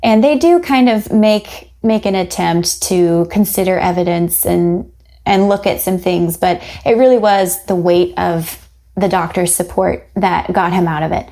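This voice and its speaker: A woman co-hosting a book podcast, talking casually and acting out scenes with lively shifts in her voice. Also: a little slow. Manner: animated, acts out quotes with rising pitch and laughs. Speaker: podcast co-host.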